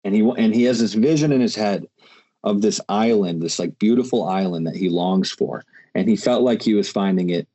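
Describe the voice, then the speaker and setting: In a casual podcast conversation, the male host rambles along with many restarts and fillers. He speaks at a normal speed in a lowish, mellow voice.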